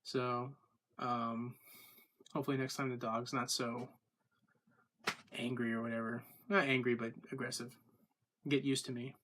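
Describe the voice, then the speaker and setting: Man, video diary, monotone delivery, chatty rambling, frequent ums and uhs. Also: medium pitch, measured pace, long pauses, noisy background. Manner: rambling, many fillers and restarts. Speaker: vlogger. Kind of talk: casual daily video diary.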